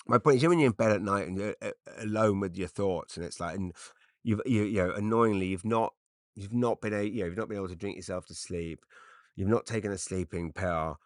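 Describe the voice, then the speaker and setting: A man's voice: fairly low pitch, a bit bright, no echo, clean studio sound. A middle-aged man from Britain, a comedian rambling through an unscripted solo podcast with lots of fillers and restarts, self-deprecating.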